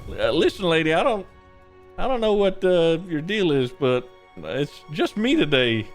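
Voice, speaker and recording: High, stammering tavern performer, flustered and defensive, put on by a man. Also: big pitch swings, unhurried, soft background music. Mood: hesitant. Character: nervous chatty male tavern performer.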